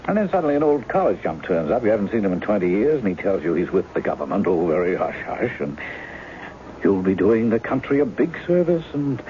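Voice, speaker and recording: A man's voice: on the low side, sing-song, brisk, a little hiss or hum. An actor playing a charming male impostor in a 1970s radio drama, wry and teasing, often laughing. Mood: rueful. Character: charming male impostor, a blocked novelist posing as a husband. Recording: dull old radio broadcast with music.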